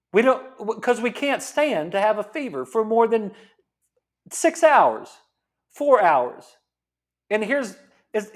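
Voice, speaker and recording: A middle-aged man, a chiropractor giving a fired-up, preachy health talk full of rhetorical questions. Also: high voice.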